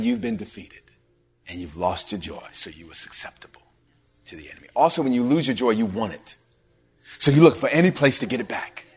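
Man preaching with lively swings. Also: mid-range voice, husky. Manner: animated preaching, dropping to near-whispers. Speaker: pastor. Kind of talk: sermon. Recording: long hall reverb.

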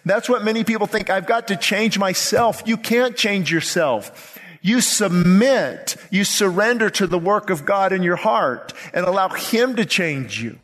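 High-voiced preaching man in a reverberant hall. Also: measured pace. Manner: animated preaching, acts out quoted voices. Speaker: pastor. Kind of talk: sermon. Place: church sanctuary.

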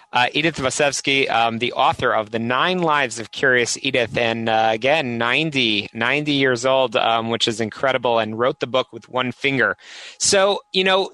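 A man hosting an interview, upbeat and filling pauses with frequent ums and uhs. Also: medium pitch, bright, forceful tone, no echo, poor audio. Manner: upbeat, with many fillers. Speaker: host.

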